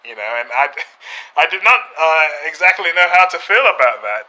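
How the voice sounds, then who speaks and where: Guest with a British accent: piercing, bright timbre, loose halting delivery. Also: male voice, on the high side, very animated, low-quality recording. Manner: halting, many filler phrases and restarts. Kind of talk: in-character podcast chat.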